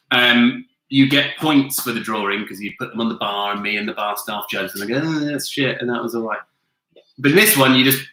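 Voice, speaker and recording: A man hosting a virtual pub quiz from home, talking in a loose, sweary, chatty way. His voice is very bright and sharp-edged. It carries a roomy echo from the room around him. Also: medium pitch. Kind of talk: casual online quiz hosting. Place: home, with a flatmate nearby.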